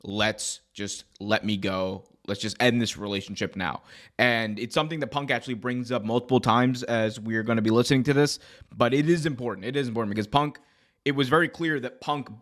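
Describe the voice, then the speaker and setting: A man's voice: mid-range voice, brisk. A male podcast host giving commentary on an interview clip and explaining its context. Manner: explanatory, recaps what the guest means.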